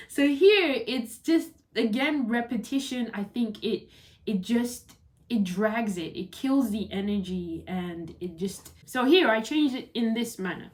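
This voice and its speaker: Young woman going over student writing, chatty and lively, laughs a lot. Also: on the high side. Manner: animated, quick asides with laughter. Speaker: English writing teacher. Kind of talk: casual teaching talk.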